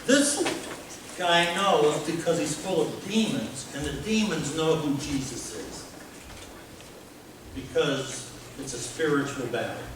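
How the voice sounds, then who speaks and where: A man preaching a sermon as pastor, telling the story in an animated way, with playful sound effects and questions to the congregation. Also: on the high side, slow. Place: church sanctuary. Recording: very echoey church room from a distance with noise.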